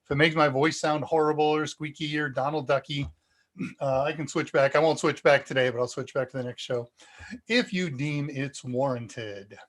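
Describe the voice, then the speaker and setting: An American man runs a live tech Q&A stream through a cheap USB desk mic, chatting casually and rambling with lots of ums. His voice sits on the high side with little pitch movement, he talks a little fast, and he seems slightly dizzy and foggy.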